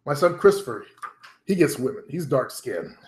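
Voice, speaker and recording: A man's voice: mid-range voice, big pitch swings, moderate pace, a little hiss or hum. A middle-aged man vlogging at home, talking bluntly and profanely straight to his viewers in a loose, rambling monologue. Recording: roomy echo.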